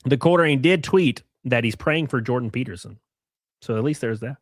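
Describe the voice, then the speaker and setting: A young man streams from home, talking casually into a close desk mic. His tone is mocking and sarcastic, and he swears freely. His voice sits at an ordinary middle pitch, and the sound is dry, with no room echo. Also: a little fast. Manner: thanks viewers for gifted subs. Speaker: live stream host.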